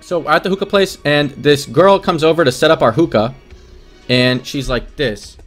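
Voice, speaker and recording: A man's voice: a little high, normal speed, faint music behind. A man livestreaming, telling a long story to his chat in a rambling, casual way with lots of fillers and laughs.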